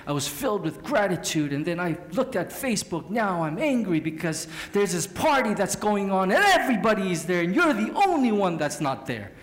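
A man in his thirties from Southern California, preaching a sermon as a pastor in an animated, joking, self-mocking storytelling way. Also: fairly high pitch, echoey room, a little hiss or hum.

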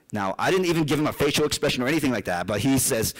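A young man preaching a sermon in a conversational way, telling personal stories with lively asides. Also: mid-range voice, fast talker. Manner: conversational, animated storytelling with asides.

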